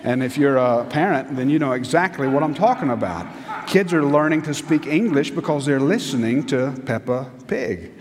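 Pastor, middle-aged man, emphatic sermon with rhetorical questions, mid pitch, long hall reverb. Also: lively intonation, moderate pace, a crowd in the background. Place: church sanctuary.

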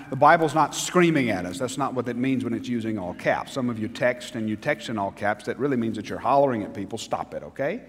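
Male pastor, mid-pitched, very lively delivery; preaches with big dynamic swings and call-and-response; long hall reverb. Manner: dramatic pauses and swings in volume, building to emphatic peaks; speaks directly to the congregation, asking them to repeat words. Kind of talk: sermon. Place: church sanctuary.

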